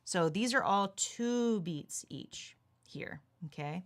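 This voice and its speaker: Animated and taking her time, a woman with a mid-range voice leads a ukulele lesson over a livestream. She patiently explains the chords step by step, calling them out while strumming over the ukulele's sound.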